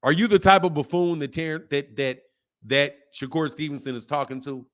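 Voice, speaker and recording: His voice sits on the high side, fairly bright and steady in tone, at a normal speed. As host of a boxing channel, this man launches into a heated, profane rant, repeating himself relentlessly and reading viewer comments aloud.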